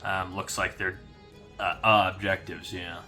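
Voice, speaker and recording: Man, young adult, casual unboxing review, rambling, bright voice, faint background music. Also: sits low, unhurried. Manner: relaxed, rambling with many fillers. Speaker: hobby reviewer.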